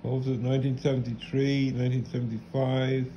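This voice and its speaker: A middle-aged Irish man rants bitterly and at length, swearing and repeating his curses over and over. His voice is dark and mellow at an ordinary pitch. The recording sounds dull and lo-fi, with a faint hiss underneath. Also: flat delivery, a little fast. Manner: bitter, profane, repetitive cursing. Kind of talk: angry rambling rant.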